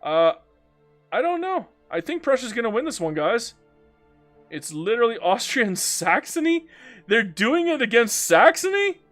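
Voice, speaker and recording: High-voiced man chatting over gameplay. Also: big pitch swings, moderate pace, a bit bright, soft background music. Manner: chatty, joking, reads chat aloud, breaks into silly mock voices. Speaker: strategy game streamer. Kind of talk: live gameplay commentary.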